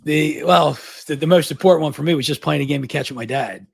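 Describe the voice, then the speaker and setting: A middle-aged man from Baltimore, a guest on a live interview, telling a long story at high speed, often repeating words and restarting. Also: vocal fry, husky, no room sound. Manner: fast, energetic, long-winded storytelling.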